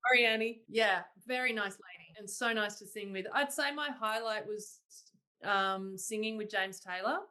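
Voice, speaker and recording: Bright-voiced woman telling stories. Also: mid-range voice, normal speed. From Australia. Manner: animated, laughing, quoting herself in exclaimed asides. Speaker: guest, singer-songwriter. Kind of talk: casual interview storytelling.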